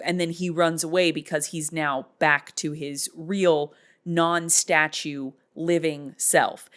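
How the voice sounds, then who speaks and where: A woman in her thirties with a lowish voice talks through a movie's plot. She is chatty and amused and rambles a little. Her tone is casual and conversational. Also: fairly bright tone. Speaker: movie recap vlogger.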